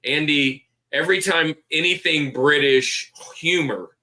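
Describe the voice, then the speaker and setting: A podcast host chats casually, rambling and repeating himself while plugging his friends. His voice sits a little high, bright and forceful, at a measured pace.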